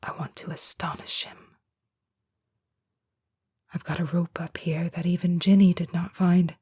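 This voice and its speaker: A woman giving a whispered first-person audiobook narration, hushed and slow. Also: lowish voice, level tone, breathy edge.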